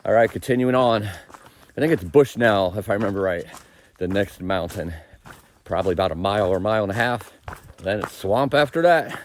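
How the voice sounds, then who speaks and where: A man narrating his thru-hike on camera as he walks a forested mountain trail, rambling and laughing at himself, sometimes quieter and further from the mic. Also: fairly low pitch, animated, normal speed, slight background noise. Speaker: thru-hiker vlogging the trail. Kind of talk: casual trail vlog narration.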